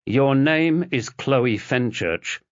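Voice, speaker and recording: A desperate middle-aged detective father, voiced by a male narrator, pleads in an urgent, strained tone. Delivery is slow and deliberate. The audiobook sound is dull and dry. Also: mid-range voice, lively intonation, no room sound, pitched above the performer's own voice. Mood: pleading.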